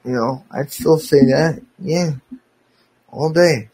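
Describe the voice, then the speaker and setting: A man's voice: a little high, takes it slowly, darkish tone, husky, rough recording. A man hosting a podcast, delivering an angry, profane, sarcastic rant aimed at a former friend.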